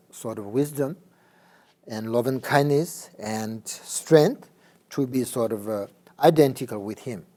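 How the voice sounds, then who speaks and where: Slow, halting male Buddhist teacher. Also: mid-range voice, a little mellow. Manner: halting, many fillers, checks understanding. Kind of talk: dharma teaching.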